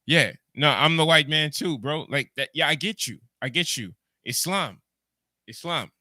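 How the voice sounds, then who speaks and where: Bright rambling man with a Jamaican accent. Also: on the high side, moderate pace, no room sound. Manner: rambling, repeats words, talks to live chat. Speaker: podcast host. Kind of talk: casual livestream commentary.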